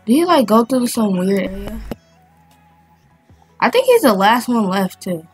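A woman giving casual, excitable commentary as she plays a video game, chatting and thinking aloud as she goes. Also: mid-range voice, unhurried, faint music behind. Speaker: gaming channel host.

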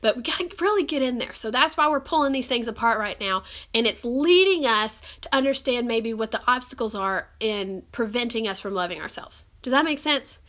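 A woman's voice: a little high, animated, a little fast, few pauses, fairly bright tone. A woman with a cold hosting a live stream, talking earnestly and chattily with many fillers. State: has a cold. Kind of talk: encouraging live-stream talk. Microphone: phone or webcam live stream.

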